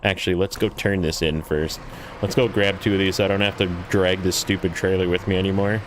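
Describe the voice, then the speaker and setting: A man's voice: low voice, flat delivery, a little fast, background noise. A man hosting a gaming livestream, chatting casually with viewers in a rambling, self-deprecating way while he plays.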